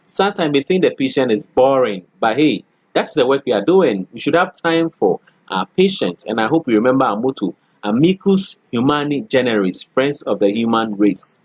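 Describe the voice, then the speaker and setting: A man's voice: mid-range voice, big pitch swings, moderate pace, a little mellow, breathy edge, no echo. A middle-aged man lecturing a college class, often checking in with "okay" and "all right" and acting out spoken examples.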